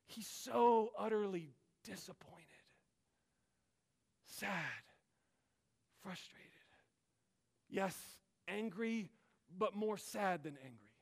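A man's voice: high voice, expressive, drawn-out words, vocal fry, long pauses. A man preaching a sermon as pastor, earnest, with rising and falling emphasis.

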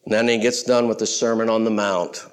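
A man preaching a sermon as pastor, animated, swinging between loud exclamations and hushed asides. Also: on the low side, brisk, clean tone.

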